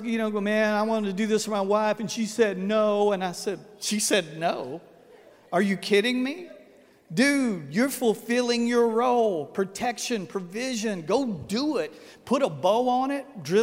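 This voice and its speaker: A man preaches in a light, high voice. He jokes in a folksy way and drops to a hush to make a point. A long church-hall reverb trails his words. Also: moderate pace. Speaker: pastor. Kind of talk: sermon. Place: church sanctuary.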